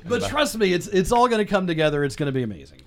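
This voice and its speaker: A man's voice: sits high, very animated, fast talker, very noisy. Upbeat male talk show host. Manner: upbeat, encouraging, laughs often. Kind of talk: casual interview chat.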